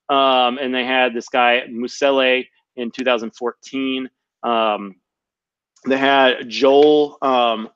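A man's voice: medium pitch, a bit bright, dry recording, lo-fi sound. A man hosting a casual podcast chat, rambling with lots of ums and self-corrections. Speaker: podcast host.

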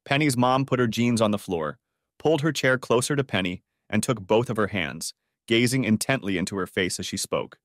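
A man narrates an audiobook story in a steady, expressive way. His voice sits low. The close-miked recording is dry, with no room sound. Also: fairly quick, no echo.

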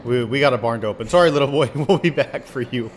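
A man's voice: medium pitch, quick pace, slight background noise. A man playfully talking through a farming video game with his young son, laughing and teasing as he plays. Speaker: gaming channel host, playing with his son. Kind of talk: casual gaming commentary.

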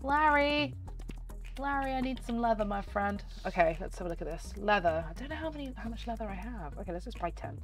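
A woman chatting excitedly through gameplay commentary, her voice nasal and slightly hoarse. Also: mid-range voice, fast, few pauses, faint music behind. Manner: chatty and excitable, talking to viewers. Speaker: gaming channel host.

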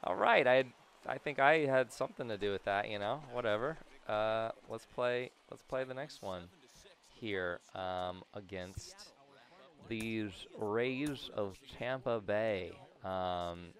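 A young man casually commentating his own video game play, rambling between topics and breaking into sudden loud cheers. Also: fairly low pitch, slow. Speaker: gaming YouTuber.

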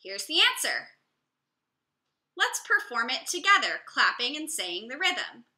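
A woman music teacher giving a slow, clear, encouraging lesson to young children. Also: sits high, sing-song, sharp tone, roomy sound.

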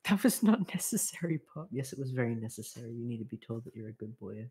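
A man's voice: medium pitch, level tone, very fast, dark tone, husky. A man joining a livestream as co-host and moderator, bantering in a teasing, playful way. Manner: teasing, playful, mumbly asides.

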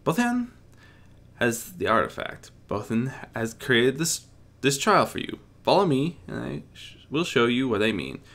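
A man voicing a calm, mysterious cloaked stallion who speaks softly and gently. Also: mid-range voice, a little slow, pitched above the performer's own voice. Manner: soft, gentle.

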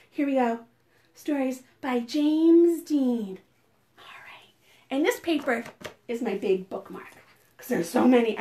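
A woman children's librarian leading preschool storytime. Her voice sits high and she speaks slowly and deliberately, with animated, sing-song chanting of rhymes and picture-book narration.

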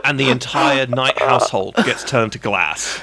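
A man's voice: medium pitch, measured pace, heavy background noise. A man hosting a casual podcast chat, telling anecdotes and swearing freely. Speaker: podcast host.

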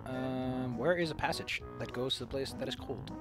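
A man streaming a game, joking and mocking himself, with sudden loud outbursts. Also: medium pitch, moderate pace. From Netherlands. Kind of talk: casual gameplay commentary. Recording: game music playing behind.

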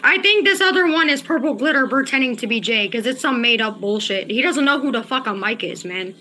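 A woman's voice: a little high, expressive, a little fast, pushed and bright, slight background noise. A woman livestreaming and talking to her chat, agitated and profane, often repeating herself. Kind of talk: casual livestream chat, reading chat.

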